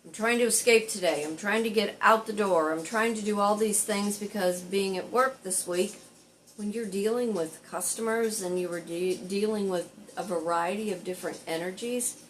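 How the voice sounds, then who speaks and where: An older woman, a content creator who also tends bar, telling a rambling story in a casual vlog and going animated when she quotes people. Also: medium pitch, moderate pace, poor audio. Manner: rambling, chatty, animated when quoting others.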